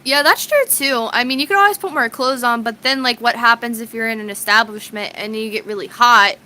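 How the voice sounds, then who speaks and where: Woman, streamer, high-pitched, giggly, chatty, casual talk with viewers. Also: fairly quick, bright, forceful tone, rough recording. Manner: chatty and giggly, greets chat viewers by name. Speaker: live streamer.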